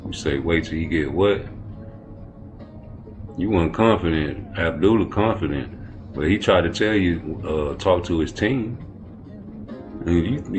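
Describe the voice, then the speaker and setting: A man's voice: low voice, expressive, a little slow, pauses often, over music. A man giving a blunt, profane, heated boxing rant in a casual commentary style.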